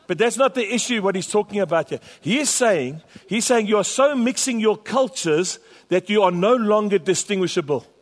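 A man's voice: high-pitched, lively intonation, moderate pace, hardly any pauses. Pastor guy preaching, repeats himself for emphasis, big echoey church. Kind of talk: sermon. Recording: long hall reverb.

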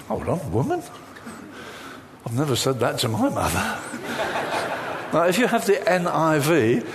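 A man preaching a sermon in an animated, humorous way, acting out the lines he quotes. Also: on the high side, big-room sound, slight background noise.

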